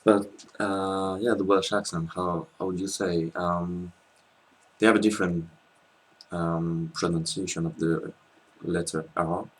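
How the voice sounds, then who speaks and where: A man with a French accent, a guest in a casual interview, explaining things in a thoughtful, halting way. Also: low-pitched, steady tone, husky. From France.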